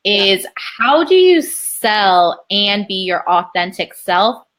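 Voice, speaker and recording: A woman's voice: mid-range voice, very animated, slow pace, a bit bright. A woman hosting a casual interview, chatty and encouraging, laughing easily. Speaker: interview host. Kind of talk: casual live-stream interview.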